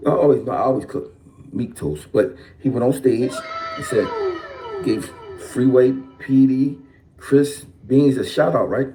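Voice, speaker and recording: A man's voice: mid-range voice, unhurried, noisy background. A man ranting to camera about his feuds, defiant and explaining himself, tagging lines with "okay". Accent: Philadelphia. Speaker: rapper in a clip. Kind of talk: direct-to-camera rant.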